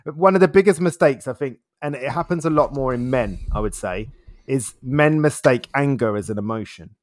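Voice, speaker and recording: A man's voice: medium pitch, normal speed, no room sound. A man as an interview guest, talking in a reflective, casual way, laughing often and repeating words as he thinks.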